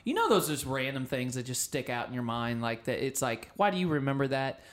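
Man, 30s, animated storyteller, casual chat co-host. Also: medium pitch, a little fast. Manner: animated storyteller, acts out quotes. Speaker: podcast co-host.

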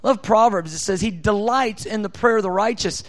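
A man preaching a sermon in an intimate, tender way, at times acting out God's voice softly. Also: high voice, a little fast.

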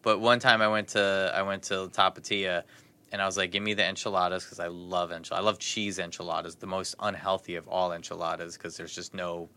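A man's voice: low-pitched, flat delivery, fairly quick, bright, forceful tone, clear, resonant tone. A man co-hosting a casual podcast, a rambling, jokey storyteller. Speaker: podcast co-host. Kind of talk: casual chat.

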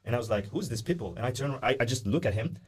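A man's voice: mid-range voice, quick pace, breathy edge. A young man telling a long story in a casual podcast chat, acting out the voices of people in it, with lots of "uh" and "like" fillers. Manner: animated, acts out the voices of people in his story; many "uh" and "like" fillers. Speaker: podcast guest.

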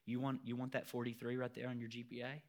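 A man voicing God as a patient, gentle teacher, speaking softly and in a hushed way. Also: medium pitch, little pitch movement, quick pace, voice pushed down, natural voice.

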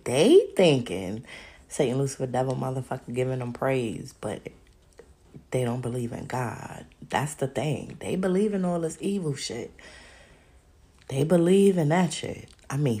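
A woman's voice: very deep voice, gravelly, husky. A woman hosting a podcast and ranting in a casual, profane, rambling monologue. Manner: animated, profane, rambling rant. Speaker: podcast host.

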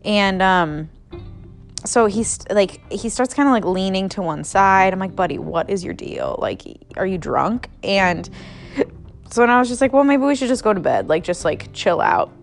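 A woman's voice: medium pitch, lively intonation, measured pace. Young adult woman, casual podcast storyteller, filler-heavy and unfiltered, faint music bed. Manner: chatty, heavy use of "like", swears freely.

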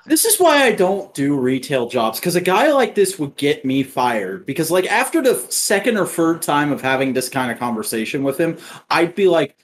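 Co-host, casual chat, jokey, riffing, lively animated pitch. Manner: jokey, quick to laugh and riff.

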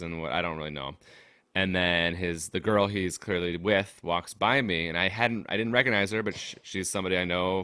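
Smooth and low-pitched, this young podcast co-host tells a story casually with no room sound. He keeps laughing and brings the tale to life by imitating what others said.

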